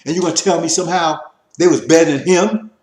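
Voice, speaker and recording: A man giving an impassioned religious lecture, preachy and repetitive, rising to forceful emphasis. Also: on the high side, fast talker, reverberant. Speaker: religious teacher.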